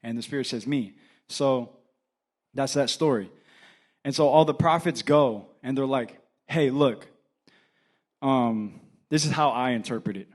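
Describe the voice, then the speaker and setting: A young man, an assistant pastor, preaching a casual sermon, telling the story with animated acted-out dialogue. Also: medium pitch, moderate pace.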